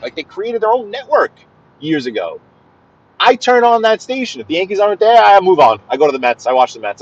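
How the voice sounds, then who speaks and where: A man's voice: a little high, lo-fi sound, a little hiss or hum. Chatty New man driving. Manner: chatty, talks to chat viewers, stumbles and repeats words. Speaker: live-streaming driver vlogger. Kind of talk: casual live-stream chat while driving. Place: inside a car on the highway.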